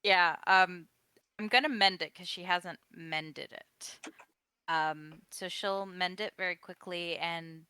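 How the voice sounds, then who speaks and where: A woman's voice: lowish voice, sharp tone, clean tone, dry recording. A woman playing a tabletop game, describing her character's actions in an easygoing, hesitant way. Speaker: player.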